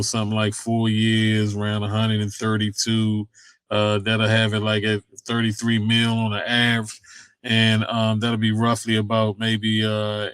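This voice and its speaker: A man's voice: lowish voice, fairly bright tone, smooth, no room sound. A man hosting a sports talk show, chatting loosely about football contracts with lots of fillers and casual vernacular. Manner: loose and conversational, many fillers, Southern US vernacular. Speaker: sports podcast host.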